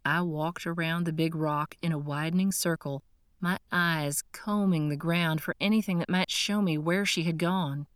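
A woman reading a first-person audiobook in a measured, tense, earnest way, close to the mic. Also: sits low, steady tone, clean tone, dry recording. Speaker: audiobook narrator.

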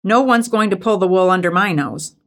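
A woman's voice: medium pitch, expressive, a little fast, lightly acted. Stern church housekeeper voiced by a woman, bossy, disdainful, accusing, storybook reading.

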